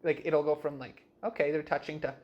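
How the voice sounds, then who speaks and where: A young man telling his life story in an interview, in a casual, animated way, full of "like" and "you know what I mean", and acting out the dialogue he quotes. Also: a little high, a little fast, lo-fi sound. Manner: acts out quoted dialogue in shifting voices.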